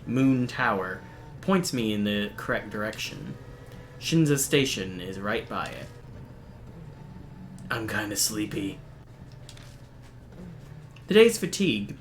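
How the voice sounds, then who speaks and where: A man streaming a game, reading its visual novel text aloud in a steady, even narration broken by quick, dry asides. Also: mid-range voice, a little hiss or hum. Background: faint game music.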